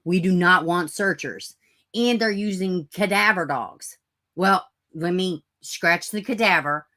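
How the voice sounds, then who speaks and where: A woman with a lowish, fairly bright voice hosts a true crime channel's livestream. Her commentary is a blunt, profane rant, punctuated by sarcastic put-on voices mocking others.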